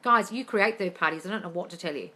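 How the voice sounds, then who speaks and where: A woman's voice: fairly low pitch, animated, fast, pushed and bright. Blunt, sweary woman hosting a live Q&A. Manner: blunt, sweary, reads questions aloud and scolds viewers. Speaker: host answering live chat questions. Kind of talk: casual live-stream Q&A.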